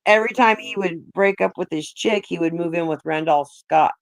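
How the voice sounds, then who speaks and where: A woman's voice: on the low side, moderate pace, no room sound. A woman chatting casually on a live audio panel, laid-back, joking and swearing freely.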